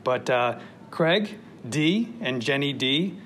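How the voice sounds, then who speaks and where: A man's voice: mid-range voice, expressive, slow, a bit bright, a little hiss or hum. Chatty male podcast host. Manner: chatty, many fillers and restarts. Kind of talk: casual podcast chat.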